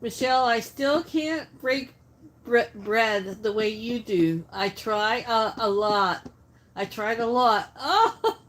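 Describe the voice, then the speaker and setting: A woman with a fairly high, slow voice hosts a laid-back cooking livestream, chatting and replying to viewer comments while she cooks.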